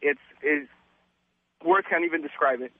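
A young man calling a radio show by phone, excited and full of slang. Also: fairly high pitch, moderate pace, gravelly, no room sound. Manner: excited, laid-back surfer slang. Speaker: caller. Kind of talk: phone-in chat. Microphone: telephone. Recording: tinny phone line.

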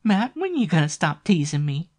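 A man's voice: on the high side, sing-song, normal speed, voice pushed up. A man voicing a seductive, pushy woman lover with a sexy voice in an audiobook. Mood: coaxing.

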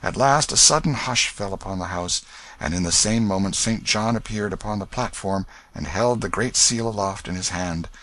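A man reading a classic novel aloud as an audiobook narrator, in a steady storytelling manner. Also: fairly low pitch, moderate pace, dry recording.

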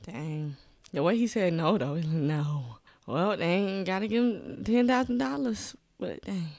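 A young woman, a movie reaction host who chats excitedly and keeps calling her viewers y'all. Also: mid-range voice, moderate pace, creaky, no room sound. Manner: exclamatory, addresses viewers as y'all. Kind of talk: excited casual reaction chat. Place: home room.

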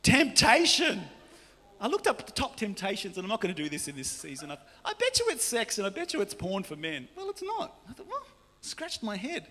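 A man with an Australian accent preaching a lively, joking sermon as pastor, often shouting, in a large church hall. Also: high-pitched, brisk. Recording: long church hall reverb.

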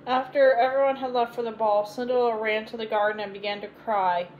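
Woman bedtime-story reader, gentle clear delivery, higher pitch, faint background hiss. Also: steady tone, brisk, muffled recording.

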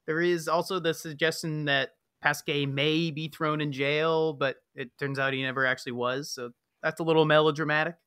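A man's voice: a little high, steady tone, moderate pace, few pauses, fairly bright tone, clean tone, no room sound, studio quality. A man co-hosting a wine podcast, explaining things in a wry, casual way. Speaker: podcast co-host. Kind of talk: casual chat.

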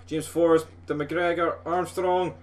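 A young Scottish man giving live, sweary gameplay commentary as a gaming video host, rowdy and excitable like a football fan. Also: a little high, measured pace.

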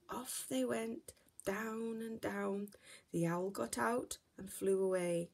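A woman teacher reading a picture book aloud for story time, slow, gentle and expressive. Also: mid-range voice, creaky, husky.

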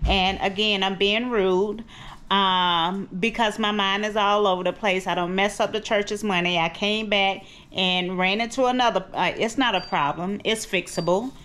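A woman's voice: mid-range voice, steady tone, moderate pace, fairly bright tone. A middle-aged woman vlogging in her kitchen at home, rambling and chatty, calling her viewers cousins. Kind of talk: casual chat to camera.

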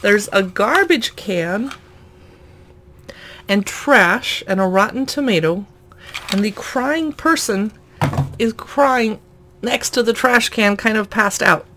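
A woman talks through a toy unboxing in a relaxed, chatty way, amused by what she pulls out. Her voice sits at an ordinary middle pitch. The recording carries clear background noise, as from a simple home setup. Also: slow, pauses often. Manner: amused, chatty, laughs at the toys. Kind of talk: casual unboxing narration.

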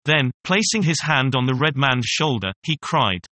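Bright-voiced man reading a storybook. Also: mid-range voice, lively intonation, moderate pace, few pauses, no room sound. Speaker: story reader.

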